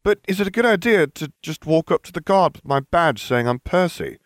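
A man voices a clumsy, jittery teenage wizard who stammers his way through. His voice is lifted higher than a plain reading voice, with lively swings. The recording is close and dry. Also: a little fast, no room sound, lightly acted. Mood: nervous. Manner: nervous, bumbling.

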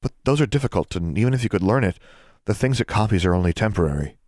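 A man's voice: on the low side, expressive, quick pace, a little mellow, dry recording, studio quality, lightly acted. A man voicing an earnest, bookish young witch girl explaining things in an audiobook. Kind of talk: audiobook character voice.

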